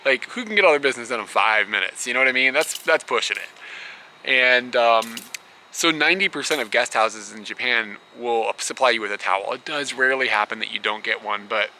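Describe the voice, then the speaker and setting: A young man rambles to the camera from a small guest house bedroom, sounding bemused and laughing easily. His voice is very bright and cutting, with a gravelly edge and a middling pitch. He swears now and then in a loose, chatty vlog style. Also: brisk, a little hiss or hum, poor audio. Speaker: travel vlogger. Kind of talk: casual vlog talk to camera.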